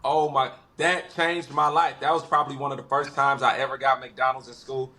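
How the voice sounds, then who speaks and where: Speaking briskly in a mid-range voice, this West Los Angeles man is a podcast guest who tells stories casually and animatedly, acting out people's quotes.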